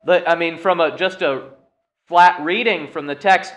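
Bright-voiced earnest male preacher. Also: a little high, animated, moderate pace. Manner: earnest, emphatic preaching that swings between loud and hushed. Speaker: pastor. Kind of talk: sermon.

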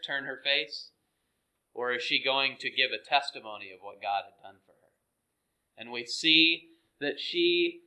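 A man preaching a sermon, earnest and measured, dropping to soft, hushed phrases for emphasis. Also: fairly high pitch, poor audio. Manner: slow, earnest, with dramatic soft drops.

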